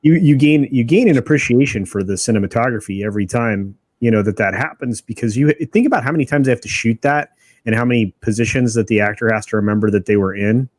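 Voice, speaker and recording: Male podcast panelist, mid pitch, dry sound, earnest and halting. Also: dry recording. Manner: earnest, stumbles over restarts. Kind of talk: casual chat.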